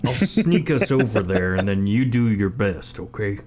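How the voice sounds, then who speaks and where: A man's voice: lowish voice, animated, over music. Playful man speaking in character. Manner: drawn-out, playful in-character speech. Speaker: player. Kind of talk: casual tabletop play.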